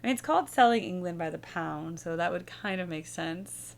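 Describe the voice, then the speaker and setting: A woman's voice: lowish voice, fairly quick, creaky. A young woman hosting a music reaction video, musing casually and humming bits of melody as she rambles.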